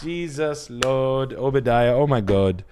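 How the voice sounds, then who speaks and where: A man voicing an exasperated male Nigerian schoolteacher with a Nigerian accent, drawing out slow exclamations. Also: mid-range voice, darkish tone, slight background noise, lightly acted.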